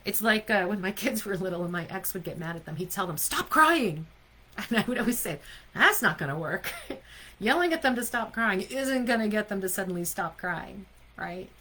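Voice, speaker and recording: A woman with a bright, clear voice leads a live online coaching session as a leadership coach. She speaks with emphasis and keeps asking her audience questions. Her pitch sits in a middle range. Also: a little fast, rough recording. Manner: emphatic, asks the audience questions, often adds "right?".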